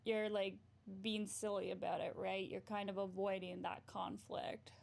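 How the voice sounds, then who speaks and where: A bubbly woman therapist chats on a livestream, giggling often as she reads comments aloud. Her voice sits in a middle pitch with lots of gravelly vocal fry running through it. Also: steady tone, measured pace, darkish tone. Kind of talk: casual livestream chat, reading comments.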